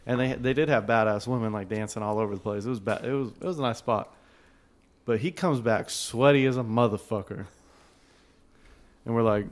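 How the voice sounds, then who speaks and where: A man's voice: mid-range voice, moderate pace, long pauses. A man in his thirties on a podcast, telling a crude story in casual chat, swearing freely and laughing between lines. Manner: profane, laughing often, loud when excited.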